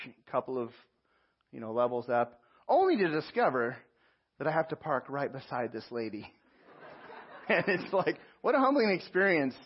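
A man preaching a sermon, telling a personal story with animated asides and self-mocking laughs. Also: medium pitch, lo-fi sound. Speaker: pastor.

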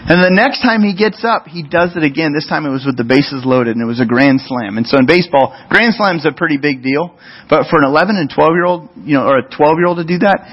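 A man's voice: fairly high pitch, fast talker, breathy edge, lo-fi sound. A middle-aged man preaching a sermon as a pastor, talking in a loose, conversational storytelling way with frequent restarts.

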